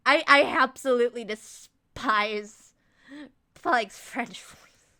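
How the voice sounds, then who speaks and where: A woman livestreaming in casual chat, answering viewers' questions and gushing like an excitable fangirl. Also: a little high, takes it slowly, dry recording.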